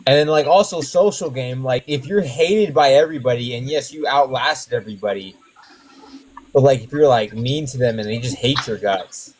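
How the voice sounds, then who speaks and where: A man's voice: medium pitch, normal speed, slight background noise, rough recording. Easygoing man hosting a live chat. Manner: relaxed, asks guests questions. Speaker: live-stream host. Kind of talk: casual live-stream chat.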